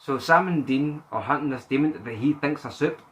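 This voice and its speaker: A man co-hosting a podcast, chatting casually and excitedly, swearing a lot as he retells TV scenes. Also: on the high side, a little fast. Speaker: podcast co-host. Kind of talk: casual chat.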